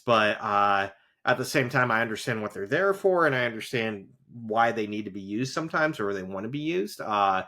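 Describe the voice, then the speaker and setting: A teacher who grades essays co-hosts a casual rewatch podcast in a lowish, somewhat bright voice. His talk comes in rambling stretches, packed with fillers and false starts.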